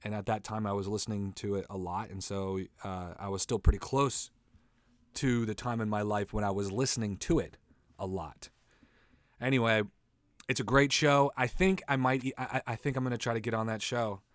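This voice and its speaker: A man hosting his own show, rambling through a loose comic monologue, laughing at his own jokes and saying he is high. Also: steady tone, moderate pace, dry recording, studio quality. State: says he is high. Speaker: solo show host.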